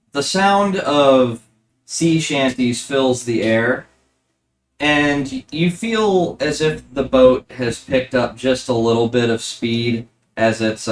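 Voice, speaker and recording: Man, game master, easygoing narration, lots of ums, mid pitch. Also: slow, slight background noise. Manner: relaxed, rambling narration with fillers.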